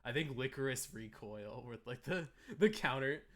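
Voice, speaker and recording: A man's voice: medium pitch, animated, moderate pace. Rambling man streaming casually. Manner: rambling, searching for words. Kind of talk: casual livestream chat.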